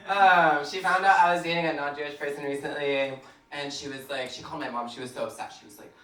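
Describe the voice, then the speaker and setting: A young woman doing a stand-up set, telling dark jokes deadpan and often laughing. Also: sits low, fast. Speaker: stand-up comedian. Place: comedy club stage. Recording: echoey club from far off, noisy.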